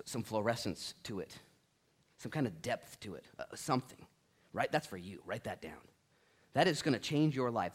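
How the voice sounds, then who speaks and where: A middle-aged male pastor preaching a conversational sermon, acting out little dialogues along the way. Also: medium pitch.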